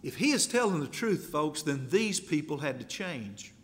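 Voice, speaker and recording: High, lively preacher man in an echoing hall. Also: normal speed. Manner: emphatic, rising to loud exhortation. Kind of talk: sermon.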